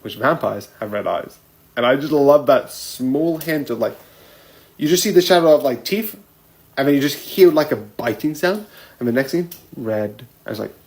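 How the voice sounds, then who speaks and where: A man vlogging in a casual, rambling way, quick to giggle at himself. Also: medium pitch, darkish tone, recorded from a distance.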